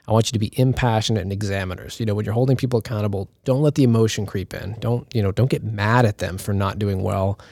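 A man's voice: fairly low pitch, steady tone, fast talker, creaky, few pauses, a little mellow, no echo, clean studio sound. A man who is a senior instructor pilot, giving earnest advice to colleagues in a casual roundtable chat. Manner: earnest, advising.

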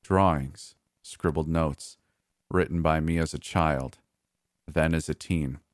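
Very deep-voiced male horror narrator. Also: no echo, studio quality. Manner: measured, calm first-person telling. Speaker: storyteller.

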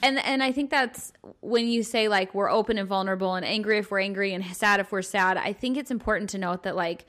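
A woman's voice: mid-range voice, brisk, hardly any pauses, a bit bright. A young adult woman, a mother, co-hosting a podcast in casual chat, candid and earnest with playful jokes. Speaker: podcast co-host.

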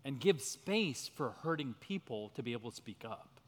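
A man's voice: medium pitch, sing-song, measured pace. A man leading a church parenting workshop, speaking in an earnest teaching manner, often breaking into laughs. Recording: reverberant hall.

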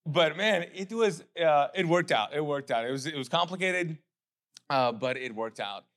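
A middle-aged pastor from Pakistan, preaching a sermon with animated storytelling that settles into quiet, earnest reflection. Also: male voice, a little high, normal speed.

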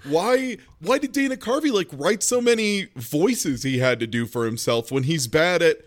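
A man's voice: fairly high pitch, animated, normal speed. A man with a mid-range voice mocks a film with his co-hosts. His tone is sarcastic, and he laughs at his own jokes. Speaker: podcast co-host. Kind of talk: casual movie-review chat.

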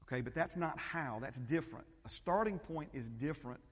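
A man's voice: fairly high pitch, fairly quick, fairly bright tone, breathy edge. A man preaching a sermon, emphatic and repetitive, rising to fervent peaks. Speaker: pastor. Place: church sanctuary. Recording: long church reverb.

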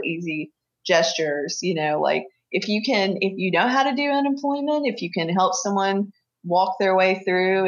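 A woman speaking as an interview guest, earnest and halting, with many fillers and restarts as she talks openly. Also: fairly low pitch, highs cut off. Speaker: interview guest, family caregiver. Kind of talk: emotional personal conversation.

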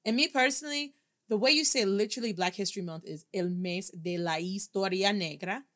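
Bright, fired-up woman teaching Spanish. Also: mid-range voice, a little fast. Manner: energetic, slangy, switches between English and Spanish. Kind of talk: upbeat casual language lesson.

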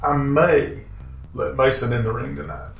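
An easygoing gambling-house regular in a tabletop game, as a man plays him, relaxed and unhurried. The voice rings in an echoey room with music clearly audible behind it. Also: mid-range voice, natural voice. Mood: smooth.

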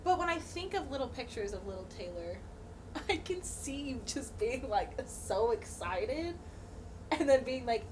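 A woman's voice: medium pitch, lively intonation, moderate pace, a little hiss or hum. A young woman co-hosting a podcast, chatting casually, giggling, teasing and swearing freely. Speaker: podcast co-host. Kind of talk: casual chat.

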